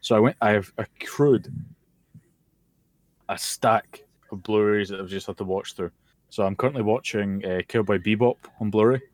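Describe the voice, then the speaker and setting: Scottish male co-host, lowish voice, dry close mic, laid-back and profane. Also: moderate pace, dry recording. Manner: sweary, tired and yawning. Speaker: podcast co-host. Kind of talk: casual chat. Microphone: computer mic over a voice call.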